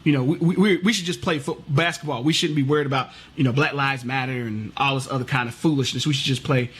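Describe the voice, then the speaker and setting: Heated husky man ranting. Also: mid-range voice, steady tone, fast, fairly bright tone. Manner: heated, profane, rhetorical questions. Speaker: vlogger. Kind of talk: impassioned political rant.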